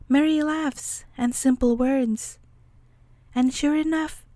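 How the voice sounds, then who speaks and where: Calm woman reading a bedtime story. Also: high voice, no room sound.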